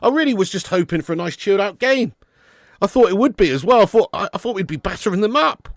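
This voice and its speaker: A man's voice: high-pitched, lively intonation, fast talker, dry recording, clean studio sound. Chatty man hosting a live watch-along. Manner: chatty, banter with viewers, jokey put-on accents.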